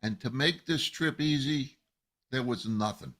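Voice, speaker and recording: A man, a rabbi, teaching a Torah lesson with animated storytelling, acting out the people in the text. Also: mid-range voice, unhurried.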